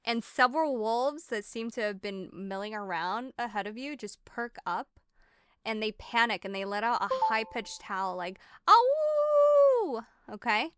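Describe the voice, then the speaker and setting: A woman's voice: mid-range voice, normal speed, a bit bright, clean tone, no echo. A woman streaming as game master of a tabletop game, narrating the action and teasing her players with laughs and swearing. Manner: giggly, swears freely, playful teasing. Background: faint music.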